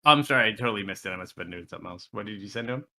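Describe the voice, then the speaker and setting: A man runs a tabletop game as its dungeon master, his pitch swinging widely as he talks. His voice is bright and forceful, and he hops into comic character voices now and then. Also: rapid-fire. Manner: animated, jumps into high comic voices for characters. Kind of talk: running a tabletop game over voice chat.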